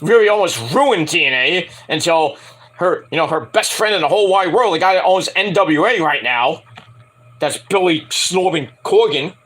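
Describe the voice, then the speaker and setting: Animated, bright-voiced man rambling a review. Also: high voice, moderate pace. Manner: rambling, animated, mimics wrestlers in shouted bursts. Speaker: wrestling show reviewer. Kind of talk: casual solo review.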